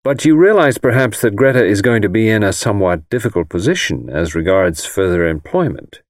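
A man reading the part of a precise, disapproving older lawyer in an audiobook, measured and formal, choosing his words carefully. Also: lowish voice, expressive, dry recording, clean studio sound.

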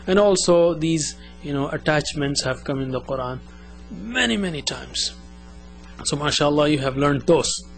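Male language teacher, patient repeat-after-me drills, slightly raised pitch, low hum in the recording. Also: expressive, soft background music. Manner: slow, drilling call-and-repeat. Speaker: Arabic teacher. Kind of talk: classroom language lesson.

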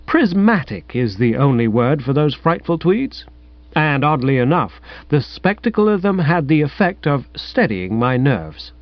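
A man reads a comic first-person story with airy wryness, his voice sitting a little high and swinging widely. The recording sounds dull and dry, with no room around it. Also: measured pace, no echo. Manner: airy, wry, animated. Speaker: audiobook narrator.

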